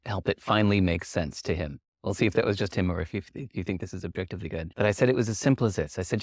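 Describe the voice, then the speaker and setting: Guy on a podcast telling a story, acts out the dialogue, jumps way up in pitch sometimes, dry close mic. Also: racing, hardly any pauses, a little mellow, dry recording. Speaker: interview guest. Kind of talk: casual storytelling.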